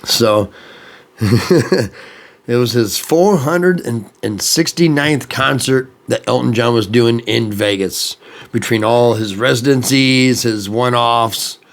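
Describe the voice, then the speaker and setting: A man chatting casually in a rambling vlog, laughing at his own jokes. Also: mid-range voice. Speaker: music vlogger.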